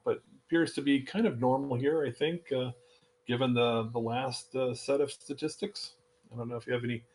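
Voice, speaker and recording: A man hosting a casual community call over a remote link, speaking in a relaxed, halting way with frequent fillers. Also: mid-range voice. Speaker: host.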